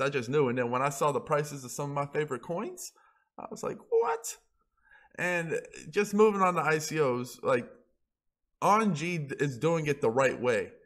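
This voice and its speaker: A man's voice: mid-range voice, fairly bright tone. Heated, profane man ranting on camera. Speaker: crypto video blogger. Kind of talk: casual ranting monologue.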